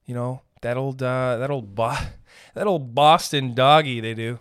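A man hosting a podcast, ranting in a rambling, profane, comedic way and slipping into quick character voices. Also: mid-range voice, steady tone, smooth, no room sound, clean studio sound. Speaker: podcast host. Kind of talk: casual comedic rant.

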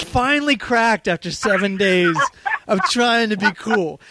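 A man hosting a casual phone chat, an animated storyteller who swears freely and loudly acts out the people he quotes. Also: sits high, unhurried. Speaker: podcast host.

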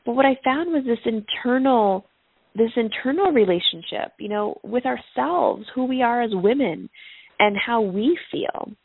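A woman's voice: fairly high pitch, animated, unhurried, vocal fry, slightly rough, dry recording. A woman coaching parents talks through ideas in an earnest, reflective way. Her voice comes over a tinny phone-like line. The sound is close and dry. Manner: earnest, reflective, uses personal examples. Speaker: parenting coach and podcaster, guest. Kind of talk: conversational interview answers.

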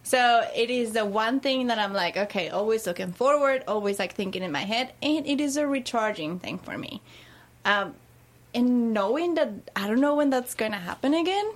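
A woman's voice: on the high side, animated, normal speed. Reflective woman, podcast guest. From Colombia. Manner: thoughtful, laughs often while talking. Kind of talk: casual chat.

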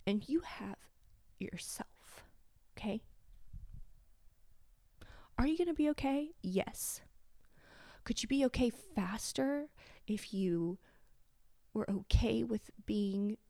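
Solo podcast host, woman in her thirties, tearful, swears freely, mellow tone, dry close sound. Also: on the high side, animated, slow pace, pauses often, no echo. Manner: candid, blunt, swears freely. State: tearful, sniffling. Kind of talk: confessional solo podcast talk.

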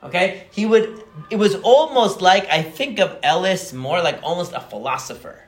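A man's voice: high voice, lively intonation, moderate pace, roomy sound. A young man casually explaining psychology in a chatty, rambling way full of fillers.

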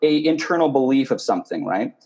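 A man's voice: medium pitch, expressive, fast talker, a little mellow. A man in a casual podcast chat, talking in a thoughtful, rambling way with plenty of fillers.

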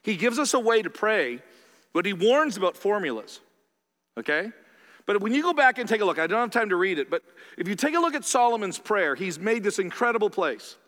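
Bright-voiced pastor preaching in a reverberant hall. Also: male voice, sits high. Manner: conversational, animated, with quick asides to the congregation. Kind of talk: sermon. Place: church sanctuary.

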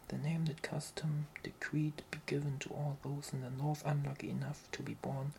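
A narrator softly whispering a fantasy novel aloud in whispered role-play, slow and even. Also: mid-range voice, gravelly, slight background noise, low-quality recording.

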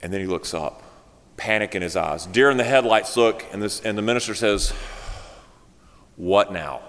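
A man's voice: fairly low pitch, fairly quick, fairly bright tone. Man preaching in an echoing hall. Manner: storytelling with a joke, then earnest exhortation. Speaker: pastor. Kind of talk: sermon. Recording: long hall reverb.

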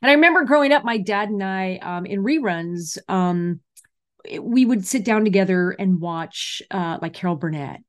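A woman from California, a comedian guest, telling stories in an animated, chatty way during an interview. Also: medium pitch, normal speed. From California, USA. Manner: animated, chatty storyteller who acts out quotes. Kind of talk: casual interview storytelling.

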